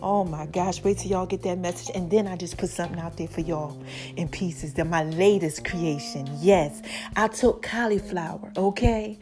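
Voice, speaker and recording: A middle-aged woman hosting her own podcast, talking to listeners in an animated, chatty way. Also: fairly low pitch, moderate pace, faint music behind. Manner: animated, chatty, calls listeners y'all and baby. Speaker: podcast host. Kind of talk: casual podcast monologue.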